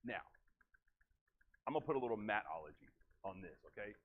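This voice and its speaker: A man preaching a sermon in a church, telling the story in a folksy, animated way. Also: fairly low pitch, fairly quick, narrow, tinny audio. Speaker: pastor. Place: church sanctuary.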